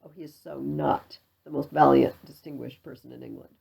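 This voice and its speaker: Brief: woman tutor, mellow, casual and wry, explaining a play. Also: a bass voice, steady tone, a little fast, creaky, slightly rough. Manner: casual, wry commentary with fillers. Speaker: literature tutor.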